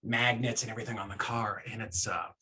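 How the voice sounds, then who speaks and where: A man's voice: on the low side, quick pace, slight background noise. A man, a real estate investor, telling a personal story in a casual interview, acting out the voices of the people in it. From Florida, USA. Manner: animated storyteller, acts out quoted voices, many restarts.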